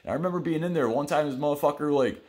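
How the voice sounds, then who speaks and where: A man's voice: a little high, very fast, darkish tone. A man telling his own stories on his vlog in a blunt, rambling monologue full of swearing. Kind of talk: profane storytelling monologue.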